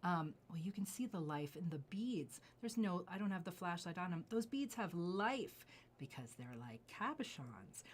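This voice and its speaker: A middle-aged woman, a jewelry designer, showing off her pieces in an effusive, gushing way, often dropping to soft asides. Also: on the low side, big pitch swings, moderate pace, husky. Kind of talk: enthusiastic product showcase.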